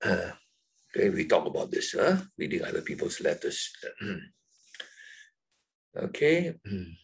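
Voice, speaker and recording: A man teaching a Bible lesson to a class, emphatic and questioning, jumping up high to stress key words. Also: big pitch swings, unhurried, creaky, husky, poor audio.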